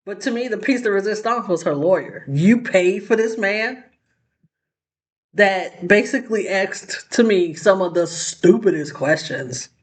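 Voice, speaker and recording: A woman's voice: medium pitch, expressive, unhurried. A woman hosting her own casual commentary vlog. She talks straight to the viewer, fires off rhetorical questions and scatters "like" and "you know" through her speech. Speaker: vlog host.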